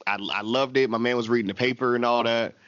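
A man's voice: mid-range voice, fairly even intonation, quick pace, fairly bright tone, no echo, muffled recording. A man in his twenties co-hosting a podcast, chatting casually and animatedly about a TV episode, full of slang and laughter. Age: 20s. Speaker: podcast co-host. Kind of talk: casual chat recapping a TV episode.

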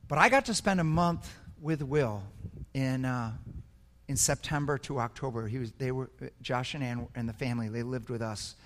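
A man's voice: medium pitch, normal speed. An older man preaching a sermon, telling a personal story in an earnest, emotional way with frequent repetitions. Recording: echoey hall.

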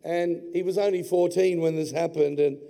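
A man, preaching a sermon in a large church hall and telling his own family story with deep feeling. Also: steady tone, normal speed, dark tone. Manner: heartfelt personal storytelling. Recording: long hall reverb.

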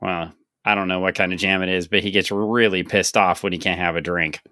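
A man with a bright, forceful voice sits low in pitch and talks through a comic book plot on a casual podcast. He recaps scenes briskly and drops jokes along the way. The sound is close and dry. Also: steady tone, no room sound. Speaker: podcast co-host.

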